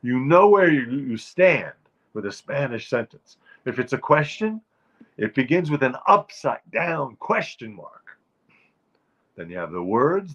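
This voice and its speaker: A man's voice: mid-range voice, fairly bright tone, muffled recording. A man hosting a show, delivering a wry, emphatic comic rant about turns of phrase. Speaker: show host. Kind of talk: comic monologue.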